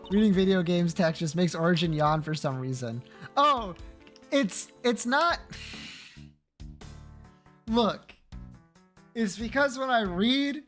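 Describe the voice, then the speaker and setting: A game streamer chatting casually during a let's-play, sarcastic and quick to curse. The pitch swings in a lively way, and faint music plays behind the voice. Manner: sarcastic, laughing, cursing.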